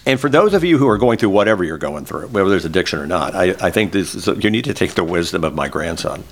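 Older man, very low voice, emotional candid storytelling. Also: animated, fast talker. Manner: emotional, candid, close to tears. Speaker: guest. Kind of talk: personal storytelling in an interview.

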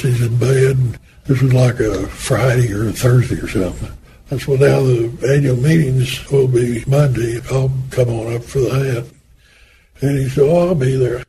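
An older man recounting memories in an easy, folksy way, slipping into the voices of the people he quotes. His voice sits in a middle register. The recording carries a clear hiss of background noise underneath. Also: medium pitch. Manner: folksy, anecdotal, acts out quoted dialogue. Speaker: interviewee recalling a former boss. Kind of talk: oral history storytelling.

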